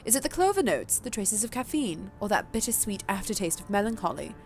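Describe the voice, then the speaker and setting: A woman's voice: mid-range voice, sing-song, fairly quick, a little mellow. A woman voicing a vampire lady, elegant, sly, refined, faint music under. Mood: silky. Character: poised elegant female vampire hostess.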